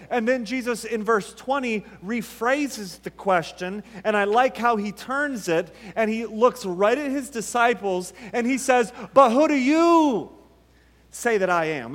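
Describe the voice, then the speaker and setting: A man preaching a sermon, emphatic and fond of repeated rhetorical questions with dramatic pauses. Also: high voice, a bit bright. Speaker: pastor. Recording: long reverb from a large hall.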